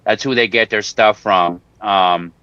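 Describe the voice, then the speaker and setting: A man chatting casually and profanely, rambling through a story and putting on quick mock voices. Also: on the low side, bright, forceful tone, clean tone, no room sound. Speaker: guest on a home-grow talk stream. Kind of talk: casual chat. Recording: dull, dry lo-fi audio.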